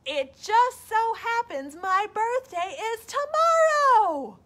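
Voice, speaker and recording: A woman voicing a curious, eager male bear in a storybook reading, sounding excited and wondering. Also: sits high, unhurried, husky, full character voice.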